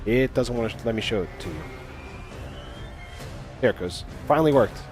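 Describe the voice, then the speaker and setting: A man's voice: mid-range voice, expressive, brisk, music in the background. A man narrating as dungeon master in casual, hesitant talk full of fillers. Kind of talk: narrating a tabletop game.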